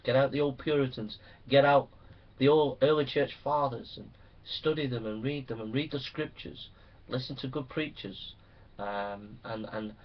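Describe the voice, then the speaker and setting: A man preaching a sermon to pastors, reading scripture and urging them on with fervent, rising exhortation. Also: mid-range voice. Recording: dull lo-fi recording.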